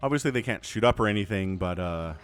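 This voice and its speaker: Animated, excitable male game caster. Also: fairly low pitch, quick pace, slight background noise. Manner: animated, excitable, jokey asides. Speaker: esports caster. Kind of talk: solo game commentary.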